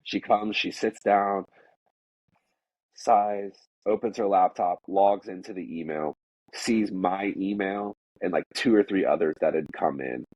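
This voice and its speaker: Husky low-voiced man telling a story. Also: unhurried, a little mellow, no echo, dull audio. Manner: rambling, with many "like"s and restarts. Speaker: podcast guest telling a work story. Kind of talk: casual storytelling.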